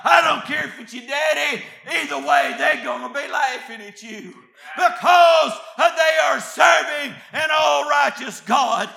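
High-pitched preacher, shouting sermon. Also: male voice, creaky. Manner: swings from low murmured scripture reading to shouted exhortation. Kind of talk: fiery sermon.

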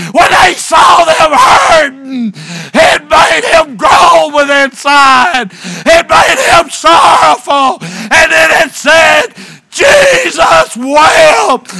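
High-pitched shouting preacher man. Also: creaky, heavy background noise. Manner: fervent, shouted preaching with drawn-out words. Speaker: pastor. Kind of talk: shouted sermon.

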